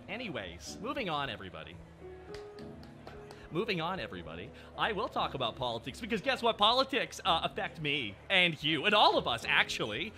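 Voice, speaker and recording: A man's voice: on the high side, huge pitch swings, fairly quick, pushed and bright, faint music behind. A man streaming live, chatting casually with viewers in a sardonic, profane, ranting way.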